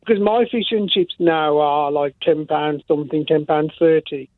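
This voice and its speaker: A rambling caller on a tinny phone line, a man with a high-pitched voice. He hops from one topic to the next. The sound is dry and close. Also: steady tone, normal speed, no echo. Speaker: caller who runs a chip shop. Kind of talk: radio phone-in chat.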